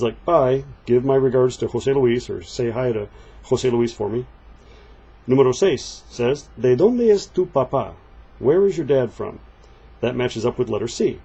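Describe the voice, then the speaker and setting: Man, textbook lesson, patient explaining, husky, mellow. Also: medium pitch, dull audio. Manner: patient, explains and reads example phrases slowly. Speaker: Spanish teacher.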